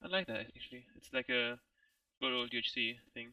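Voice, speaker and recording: Man, very bright tone, dry close-less sound, distant from mic, casual gameplay chat, joking remarks. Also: mid-range voice, a little fast, no room sound. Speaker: game player.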